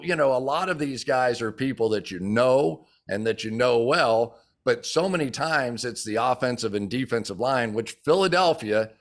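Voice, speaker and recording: A man in his sixties, a former football player turned TV analyst, chatting in an interview and acting out the quotes in his stories. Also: medium pitch. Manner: animated storyteller who acts out quotes. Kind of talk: casual interview chat.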